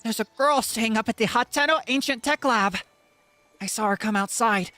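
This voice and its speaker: A man squeaking out a giggly little village kid. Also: normal speed, bright, forceful tone. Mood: insistent. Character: excitable little village child.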